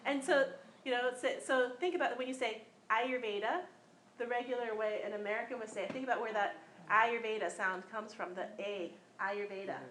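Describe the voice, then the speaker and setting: A woman's voice: a little high, a little fast, fairly bright tone. Patient woman teaching pronunciation in an echoey room. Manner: patient, demonstrates sounds aloud and repeats them. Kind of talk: informal class instruction. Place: room with students present. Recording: echoey room with faint background noise.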